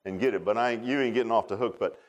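A man's voice: on the low side, very fast, lo-fi sound. A middle-aged man preaching a folksy sermon, telling personal stories in a chatty, drawling way, often repeating words and laughing at his own tales. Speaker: pastor.

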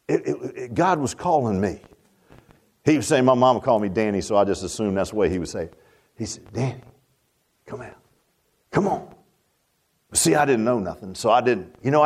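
A middle-aged man, preaching a sermon in a folksy storytelling way that swings between loud bursts and hushed asides. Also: mid-range voice. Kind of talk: sermon testimony.

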